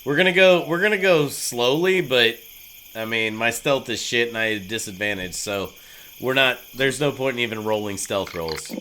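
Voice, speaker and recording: A man's voice: medium pitch, moderate pace, bright, forceful tone, a little hiss or hum, rough recording. A man playing a tabletop game, rambling and joking with lots of fillers. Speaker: player. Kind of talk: casual tabletop game play.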